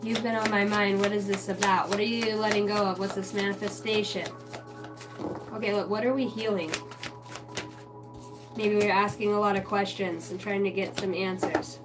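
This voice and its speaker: A woman reading tarot cards on a live stream in a chatty, casual way, greeting viewers by name and clearing her throat now and then. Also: medium pitch, fairly even intonation, moderate pace, long pauses. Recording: distant mic with music playing behind.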